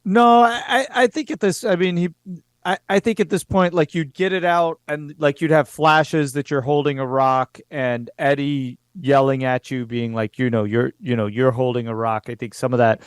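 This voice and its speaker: A man running a tabletop game with a smooth, clear voice. The sound is dry and close. He often stumbles and repeats a word before his thought gets going. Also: mid-range voice, steady tone, no echo. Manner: halting, repeats words when starting. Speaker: game master.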